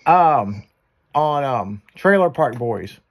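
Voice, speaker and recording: A man's voice: medium pitch, expressive, slow pace. A man hosting a chat show, telling crude stories and laughing as he goes. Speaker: show host. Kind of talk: casual profane chat show banter.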